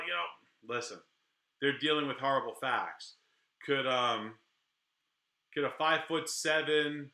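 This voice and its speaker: A middle-aged man, a criminal defense attorney, talking candidly to camera in a rambling, animated way with frequent restarts. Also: fairly high pitch, roomy sound. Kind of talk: casual talk to camera.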